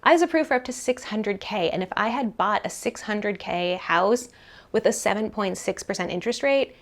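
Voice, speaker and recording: A woman's voice: medium pitch, moderate pace. Chatty woman vlogging to camera. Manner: animated, chatty, lots of "like" fillers. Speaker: personal finance vlogger. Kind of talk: casual talk to camera. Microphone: camera mic, leaning toward camera.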